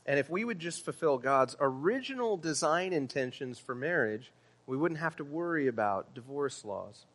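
A pastor's sermon from a man whose voice sits a little high. He presses on key words with earnest emphasis and drops the odd um. A long reverb trails his words through the sanctuary. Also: expressive, moderate pace, fairly bright tone. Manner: earnest preaching with emphatic stresses and some ums.

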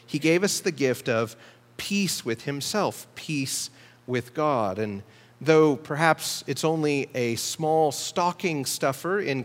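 Man preaching in a reverberant hall. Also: medium pitch. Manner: measured teaching, slows to stress key words. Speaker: pastor. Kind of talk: sermon.

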